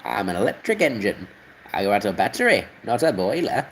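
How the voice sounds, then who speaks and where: A man voicing a fussy, exasperated male electric toy engine, scolding in a slow, drawn-out way during a livestream impression. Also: lowish voice, sing-song, fairly bright tone, slight background noise. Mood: indignant.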